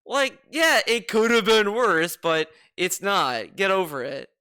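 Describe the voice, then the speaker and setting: A man's voice: high voice, sing-song, a little slow, bright, forceful tone, clear, resonant tone, no echo, studio quality. A man giving mocking reaction commentary on a clip, swearing and breaking into exaggerated impressions. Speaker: commentary streamer.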